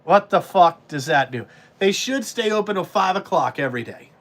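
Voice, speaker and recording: Profane, fed-up man, high voice. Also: expressive, moderate pace. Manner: profane, exasperated, blunt. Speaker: podcast host, trucking business owner. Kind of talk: casual ranting monologue.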